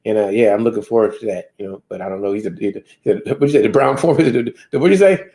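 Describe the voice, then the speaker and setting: A man's voice: fairly low pitch, rapid-fire, dark tone. A man hosting a casual live stream, rambling loosely and laughing at himself. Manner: self-deprecating. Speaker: host.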